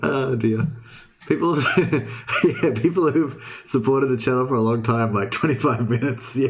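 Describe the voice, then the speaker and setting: A young man hosting a livestream, talking loosely to his chat at a middling pitch. He rambles, restarts his sentences and swears offhandedly, in a relaxed, casual way. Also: measured pace. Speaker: streamer.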